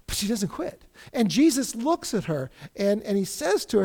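A man's voice: high voice, normal speed, vocal fry, hardly any pauses. A middle-aged man preaching a sermon as a pastor, telling stories with energy and acting out the people he quotes. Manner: animated storytelling, acting out quoted voices.

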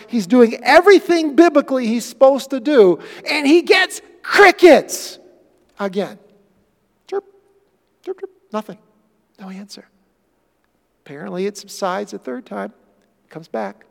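A male pastor preaches with a high, gravelly voice, shifting from loud bursts to hushed, earnest storytelling. His words ring with the long reverb of a large hall. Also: expressive, normal speed, pauses often. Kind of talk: sermon.

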